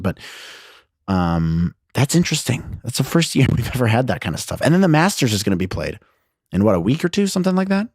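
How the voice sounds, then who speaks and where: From his old high school bedroom, a young man hosts a casual solo podcast, telling a story in a rambling, self-deprecating way and laughing often. His voice is fairly low and a little mellow, captured with clean studio sound and no echo.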